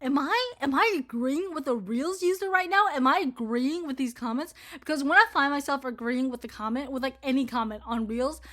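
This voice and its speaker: Young woman vlogger, high voice, profane rambling rant to camera. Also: brisk, few pauses, a bit bright. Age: 20s. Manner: profane, rambling, heavy filler words. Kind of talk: casual ranting commentary to camera.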